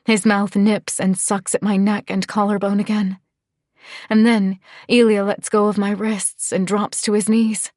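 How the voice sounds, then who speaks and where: A woman narrating a first-person romance audiobook in a soft, breathy, half-whispered reading. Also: medium pitch, little pitch movement, a little slow, no echo, studio quality.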